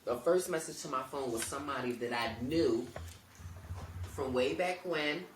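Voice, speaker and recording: A woman's voice: very deep voice, normal speed. Woman telling a story in a roomy room. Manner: animated, acts out quoted people. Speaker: podcast co-host. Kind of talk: casual storytelling. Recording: roomy, distant mic with faint noise.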